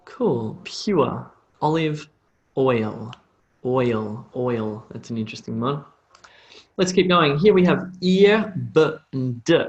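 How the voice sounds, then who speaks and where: Slow Australian man teaching pronunciation. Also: medium pitch, lively intonation, muffled recording. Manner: slow, drawn-out model phrases for repetition. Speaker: English teacher. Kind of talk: live online pronunciation lesson.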